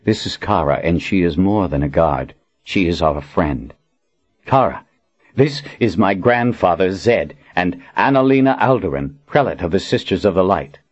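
A man's voice: low voice, animated, normal speed, dull audio. A man playing an earnest young man.

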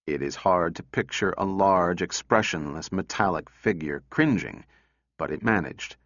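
Low-voiced man narrating a story. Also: lively intonation, moderate pace, fairly bright tone, dry recording, highs cut off. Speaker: audiobook narrator. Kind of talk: scripted narration.

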